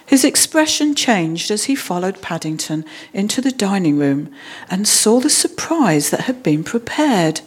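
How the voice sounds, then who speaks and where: Female storybook narrator; animated, slightly husky read. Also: mid-range voice. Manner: animated, expressive reading. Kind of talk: audiobook storybook reading.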